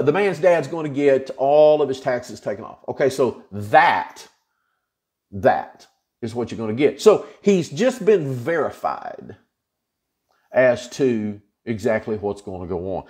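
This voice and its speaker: A man's voice: mid-range voice, lively intonation, measured pace, darkish tone. A male pastor teaching an informal Bible study, retelling scripture in a folksy, plain-spoken way.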